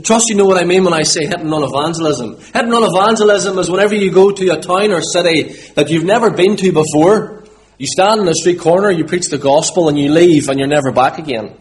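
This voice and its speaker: Male preacher, Northern Irish accent, high voice, emphatic and repetitive, faint room hum. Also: fairly quick. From Northern Ireland. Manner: emphatic, repeats key words. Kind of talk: sermon.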